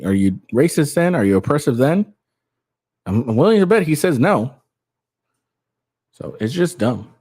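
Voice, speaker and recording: A man's voice: mid-range voice, slightly rough. A man giving casual, rambling reaction commentary, swearing often and thinking aloud with frequent restarts. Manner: thinks aloud, trails off quietly at times. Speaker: commentary streamer.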